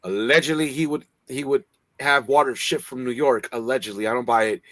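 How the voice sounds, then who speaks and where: A man from California co-hosting a comics livestream, chatting casually in an excitable, profane, chummy way. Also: mid-range voice, brisk, no echo. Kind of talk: casual chat. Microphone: livestream setup.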